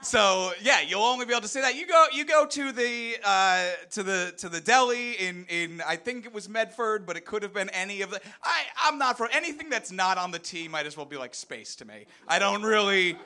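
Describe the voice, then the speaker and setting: A man's voice: high-pitched, expressive, brisk, hardly any pauses, pushed and bright. A man competing in a live comedy game, rambling wryly and restarting his sentences. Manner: rambling, self-interrupting, wry. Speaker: comedy contestant. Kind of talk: improvised comedy riffing.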